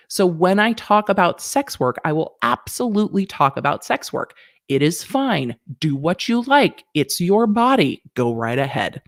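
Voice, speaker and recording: A woman's voice: lowish voice, normal speed, dry recording. Blunt, laughing woman on a dry mic. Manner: blunt, animated, laughs often, swears casually. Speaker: legal commentator hosting a livestream; former district attorney. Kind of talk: casual livestream chat answering viewer questions.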